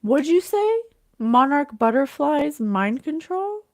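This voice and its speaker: A woman hosting a psychic reading. She thinks aloud slowly and haltingly, repeating phrases as she relays spirit messages. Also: high voice, sing-song, a little mellow, dry recording, clean studio sound.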